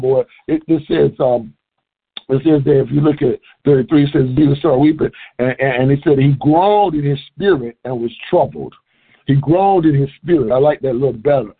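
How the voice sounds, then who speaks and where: A man preaching a sermon, husky-voiced, who repeats words and restarts phrases as he builds a point. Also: on the high side. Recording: tinny phone-like sound.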